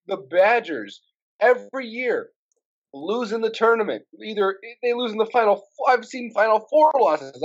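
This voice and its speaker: A man's voice: high-pitched, lo-fi sound. A man from Wisconsin co-hosting a casual sports podcast, ranting with swearing and exasperation. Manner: animated, swearing, rising to exasperated rants. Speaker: podcast co-host.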